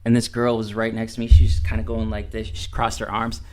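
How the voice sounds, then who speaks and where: A man, a podcast guest, chatting casually and telling a story in an animated way. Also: a little fast. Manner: animated storyteller, swoops up high for quoted voices. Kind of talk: casual chat.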